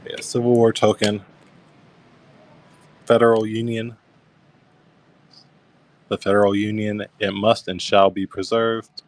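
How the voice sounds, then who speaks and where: A man's voice: fairly low pitch, little pitch movement, slow pace, pauses often. A young man casually hosting a live coin auction stream, describing each piece and thanking bidders by name.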